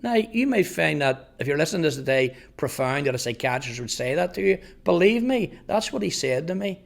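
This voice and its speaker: A man in his fifties with a Northern Irish accent, earnestly telling his life testimony, halting at times over repeated words. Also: on the high side, very animated, vocal fry. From Northern Ireland. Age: 50s. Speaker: testimony speaker. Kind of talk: personal testimony storytelling.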